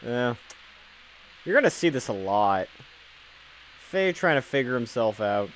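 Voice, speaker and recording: A man giving casual, jokey commentary over a video game he is playing, talking freely and breaking into loud excited outbursts. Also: mid-range voice, measured pace, a little hiss or hum. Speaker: let's play commentator.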